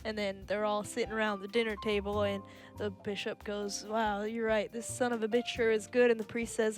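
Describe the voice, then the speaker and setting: A woman's voice: mid-range voice, little pitch movement, moderate pace, soft background music. A woman telling a long joke on a stream, playfully giving each character a little voice of their own. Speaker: stream co-host. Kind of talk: telling jokes aloud.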